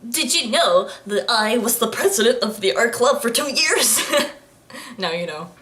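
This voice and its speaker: A woman's voice: a little high, expressive, unhurried, fairly bright tone. A young adult woman giving casual, rambling reaction commentary, laughing often and joking at what she watches. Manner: giggly, rambling, laughs often and jokes at the screen. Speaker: anime reaction YouTuber.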